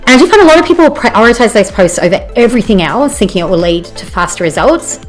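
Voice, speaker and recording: An Australian woman teaches bloggers in an enthusiastic, conversational presentation, regularly checking in with "you know" and "okay?". Her medium-pitched voice is very animated and fast, with faint music in the background.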